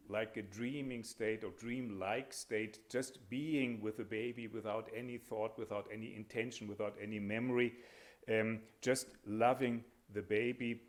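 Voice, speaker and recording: A man with a somewhat low-pitched voice delivers an academic lecture as a panel speaker. He talks in a measured, hesitant way, pausing often and filling the gaps as he builds each point. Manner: measured, hesitant, with frequent pauses and fillers.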